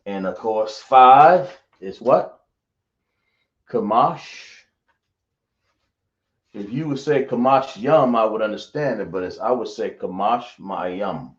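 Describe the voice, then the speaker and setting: A man's voice: lowish voice, lively intonation, slow, long pauses. A man teaching a Hebrew class, quizzing his students and often correcting himself. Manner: drawling, self-correcting, asks the class questions. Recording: echoey, dull lo-fi room recording.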